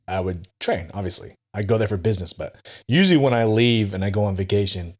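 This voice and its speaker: A man's voice: on the low side, brisk. A man co-hosting a podcast in joking, laughing banter full of slang. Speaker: podcast co-host. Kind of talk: casual podcast chat.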